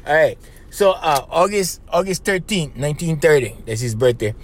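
A middle-aged man with a Hawaiian accent tells stories on his podcast in a loose, streetwise way, talking straight to his listeners. His voice sits a little high for a man and swoops up and down with a lot of expression. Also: moderate pace. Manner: animated, streetwise, addresses listeners as "bro". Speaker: podcast host. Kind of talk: casual storytelling.

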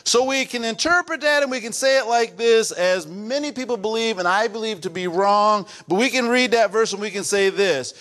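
Male pastor, very high voice, earnest sermon delivery that swells into emphatic bursts. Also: moderate pace, few pauses, a bit bright. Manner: earnest, repetitive, building to emphatic outbursts. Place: church.

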